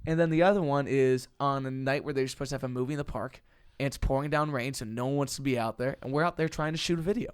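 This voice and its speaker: A man, hosting a casual podcast chat and telling stories with lively acted-out quotes and frequent laughs. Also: medium pitch, fast talker, few pauses, clear, resonant tone, dry recording, clean studio sound. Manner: animated storyteller, acts out quotes, laughs often. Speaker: podcast host, musician.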